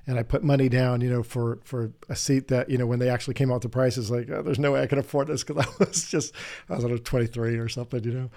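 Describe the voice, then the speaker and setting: A middle-aged man hosting an interview, telling long, animated anecdotes in a casual, rambling way. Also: mid-range voice, fast, gravelly. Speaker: podcast host.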